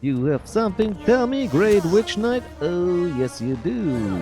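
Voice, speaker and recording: A flamboyant, over-the-top character, as a male host puts him on sings his lines high and camp, swooping theatrically, with faint music under him. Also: big pitch swings, measured pace, dark tone.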